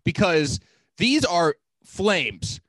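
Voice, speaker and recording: A man co-hosting a podcast in casual chat, animated, swearing often and laughing a lot. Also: sits high, extremely slow, no room sound, low-quality recording. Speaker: podcast co-host.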